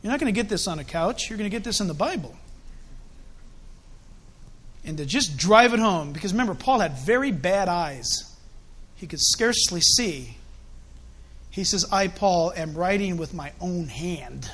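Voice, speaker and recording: A man preaching a sermon in an animated, conversational way, with chuckling asides. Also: high-pitched, moderate pace, long pauses, husky.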